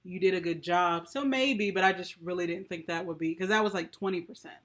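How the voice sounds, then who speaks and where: A woman's voice: fairly low pitch, brisk, fairly bright tone. A young adult woman co-hosting a podcast, chatting casually and often laughing mid-sentence. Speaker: podcast co-host. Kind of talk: casual chat.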